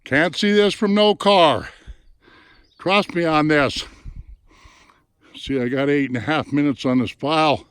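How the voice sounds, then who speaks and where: A man's voice: fairly high pitch, unhurried, pauses often, a bit bright, smooth, no echo, clean studio sound. A middle-aged man chatting casually as he films a mountain trail outdoors, a bit out of breath, folksy and plain-spoken, recorded on a handheld camera mic. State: somewhat out of breath. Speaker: hiking vlogger. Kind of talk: casual narration while hiking.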